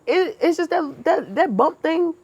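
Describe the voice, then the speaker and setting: A woman's voice: very high-pitched, lively intonation, a little slow, darkish tone, dull audio. A woman co-hosting a podcast, talking in a blunt, profane, opinionated way in casual chat. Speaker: podcast co-host.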